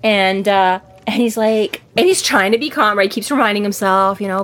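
A woman's voice: medium pitch, moderate pace, few pauses, fairly bright tone. A woman co-hosting a podcast, casually retelling a book scene and acting out the characters' lines. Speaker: podcast co-host.

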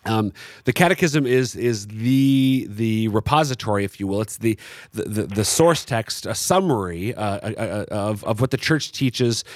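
Brief: low-pitched man, dry close sound, explains with lots of restarts. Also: lively intonation, no room sound. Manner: halting, many restarts and fillers. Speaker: Catholic catechism teacher, co-host. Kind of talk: casual explanatory talk.

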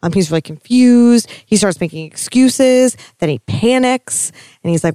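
A woman co-hosting a casual TV recap chat, talking in an animated, gushing way with some swearing. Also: a little high, moderate pace, no room sound, clean studio sound. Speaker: podcast co-host.

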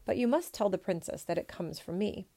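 A woman voicing a calm humble peasant. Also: mid-range voice, brisk, vocal fry. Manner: calm and quiet. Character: humble, steady young male peasant healer.

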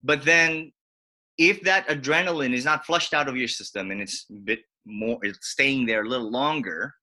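A man in casual conversation, telling animated stories and acting out what others said. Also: normal speed. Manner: animated, acts out quotes with big pitch jumps. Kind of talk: casual storytelling chat.

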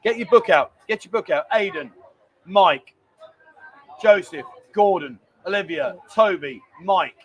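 A man's voice: sits high, a little slow, low-quality recording. A middle-aged man hosting a live stream, chatty and bantering as he rambles along. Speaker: livestream host. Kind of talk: casual live-stream chat.

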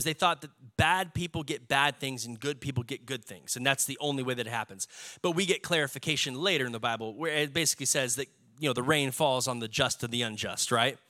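Bright-voiced man preaching with fervor. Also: on the high side. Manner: animated preaching, acts out quoted voices. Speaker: pastor. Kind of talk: sermon.

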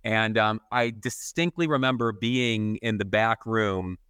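Dude cohosting a podcast, cussing nonstop thru a self-mocking story, bright crisp voice, dry sound. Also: male voice, lowish voice, a little slow, no room sound. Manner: swears constantly while telling a rambling comic anecdote. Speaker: podcast co-host, photographer. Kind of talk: casual podcast chat.

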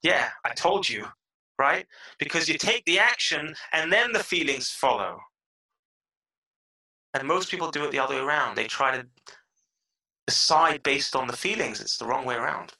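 Animated bright-voiced man. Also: on the high side, moderate pace, long pauses, rough recording. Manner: animated, acts out excited inner voices. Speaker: podcast guest. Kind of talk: motivational interview talk.

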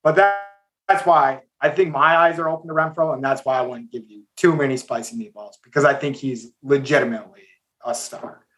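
A man's voice: medium pitch, a little fast. A man co-hosting a podcast, talking sports with enthusiasm. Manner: enthusiastic, animated, talks in bursts. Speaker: podcast co-host. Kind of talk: casual sports chat.

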